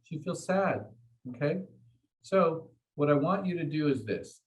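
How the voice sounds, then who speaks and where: A man's voice: fairly high pitch, lively intonation, unhurried, rough recording. A man leading a meditation class, explaining ideas to his students in a conversational way and often checking in with "okay?" and "right?". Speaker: meditation teacher.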